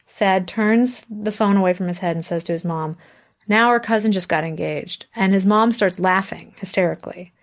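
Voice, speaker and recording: A woman in her thirties, a musician guest in an interview, telling a story in a lively way, laughing often and acting out the things people said. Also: fairly low pitch.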